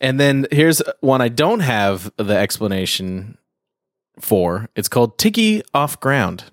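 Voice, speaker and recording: A man hosts a podcast, reading out odd facts and steering the games. His mid-pitched voice moves in lively swings, recorded close and dry. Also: slow pace, dry recording. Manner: reads facts aloud, runs the games. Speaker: podcast host. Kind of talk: casual podcast chat.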